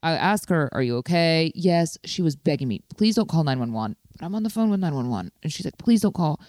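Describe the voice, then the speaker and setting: Chatty animated woman. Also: deep voice, fairly quick, no echo, studio quality. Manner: chatty, animated, lots of "like" fillers. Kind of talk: casual storytelling.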